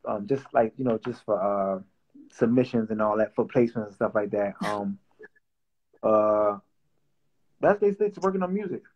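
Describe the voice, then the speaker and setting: A man's voice: lowish voice, lively intonation, moderate pace, pauses often. Loose, rambling man on a dull line. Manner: loose and playful, lots of fillers and repeats. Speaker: songwriter and producer. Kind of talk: casual interview chat.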